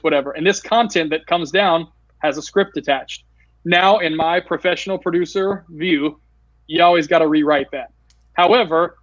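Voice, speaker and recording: A man's voice: fairly high pitch, fairly bright tone, no echo, lo-fi sound. A man being interviewed as a guest over a video call, explaining in a casual, conversational way. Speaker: guest, news producer. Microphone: computer mic on a video call.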